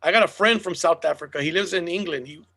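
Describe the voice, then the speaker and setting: High, gravelly man chatting casually. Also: fast, sharp tone. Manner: loose, profane, joking. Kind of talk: casual chat.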